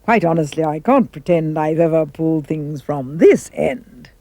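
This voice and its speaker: A woman voicing a gleeful, pompous male dentist in a story reading, in a brisk, bossy manner. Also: low-pitched, expressive, dark tone, no echo, voice pushed down.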